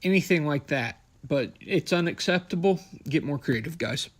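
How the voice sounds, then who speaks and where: A man's voice: fairly high pitch, animated, normal speed. A young man hosting a podcast, recapping wrestling in a blunt, sarcastic, profane way. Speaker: podcast host.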